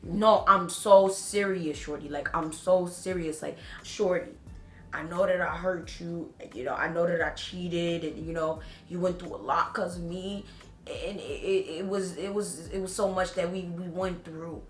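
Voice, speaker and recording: Woman doing a sheepish young guy mumbling low, roomy echo. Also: steady tone, measured pace, a bit bright. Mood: pleading. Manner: low mumbled pleading with slang. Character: young adult man, sheepish ex-boyfriend, mumbling.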